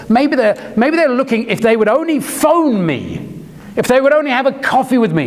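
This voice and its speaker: A man's voice: extremely high pitch, in a large hall. A man preaching a sermon, telling stories animatedly and acting out the lines he quotes.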